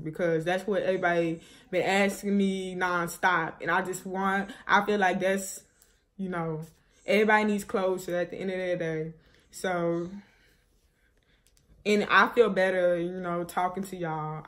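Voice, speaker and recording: Speaking at a measured pace in a lowish, steady voice, the young woman vlogs a rambling, emotional story to her viewers. Grief comes through as she sounds subdued and shaky, often restarting and leaning on fillers.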